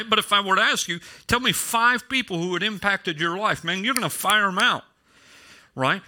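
A man's voice: sits high, pushed and bright. A middle-aged male pastor preaching a sermon in a casual storytelling way, with self-deprecating humor.

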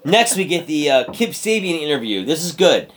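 A man's voice: fairly high pitch, sing-song, moderate pace, fairly bright tone, slight background noise. A man co-hosting a podcast, chatting casually and enthusiastically, with frequent exclamations. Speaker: podcast co-host. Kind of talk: casual chat.

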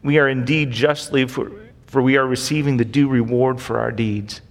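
A man's voice: mid-range voice, steady tone, normal speed. A man teaching through a Bible passage as a pastor, in a casual, conversational way, often checking in with rhetorical questions. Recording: long reverb.

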